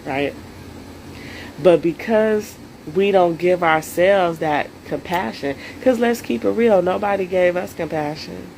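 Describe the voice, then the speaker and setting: Earnest woman with a gravelly voice. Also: fairly low pitch, measured pace, a little mellow, slight background noise, poor audio. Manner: earnest, speaks straight to viewers; emotional. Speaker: self-care coach. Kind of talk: solo live stream talk.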